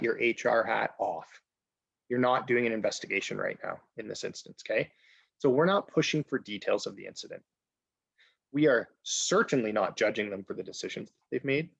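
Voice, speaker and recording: A man's voice: mid-range voice, gravelly, a bit bright, husky, dry recording. A man presenting a training webinar, earnest and direct, often checking in with "okay?". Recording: dull lo-fi webinar audio.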